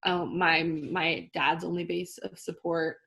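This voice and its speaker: A woman's voice: on the low side, level tone, takes it slowly, gravelly, fairly bright tone. A young woman in her twenties chatting in an interview, with lots of "like" and "um". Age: 20s. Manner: chatty, heavy on "like" and "um". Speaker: guest, daughter and caregiver. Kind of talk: casual interview chat.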